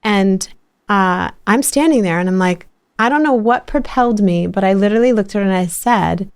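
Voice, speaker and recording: A middle-aged woman hosting a podcast, telling a story in lively, animated bursts full of restarts. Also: medium pitch, moderate pace, clear, resonant tone. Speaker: podcast host. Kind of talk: casual interview chat.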